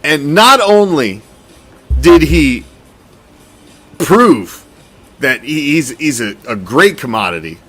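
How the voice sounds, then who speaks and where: A male sports host with a fairly high, bright voice that swings widely in pitch. He talks loosely and profanely, rambling through his points with plenty of energy. The delivery is casual commentary. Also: sing-song, slow pace, long pauses.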